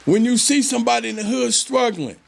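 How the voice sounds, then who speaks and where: Male host, high-pitched with a gritty fry, emphatic commentary monologue that hammers on repeated phrases. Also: lively intonation, brisk. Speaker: show host. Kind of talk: direct-to-camera commentary monologue.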